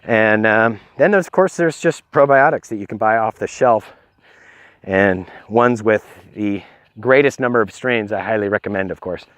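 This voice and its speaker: Speaking at a normal speed, a middle-aged man with a fairly low, slightly bright voice offers health advice in a casual vlog, with no room sound. He's short of breath, says um often, and rambles into a handheld phone mounted on a stabilizer.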